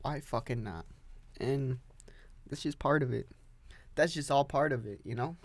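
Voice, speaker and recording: A man's voice: mid-range voice, a little slow, a little hiss or hum. Rambling, profane young man podcasting alone. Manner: profane, rambling, repeats himself; talking while standing and drinking coffee. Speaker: podcast host. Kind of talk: rambling solo podcast chat.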